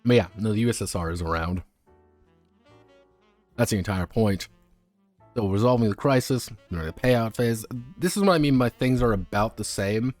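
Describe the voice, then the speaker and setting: A man's voice: fairly low pitch, lively intonation, normal speed, pauses often, darkish tone, dry recording, soft background music. A man streaming casual commentary on tabletop games, rambling with frequent stumbles, restarts and offhand swearing.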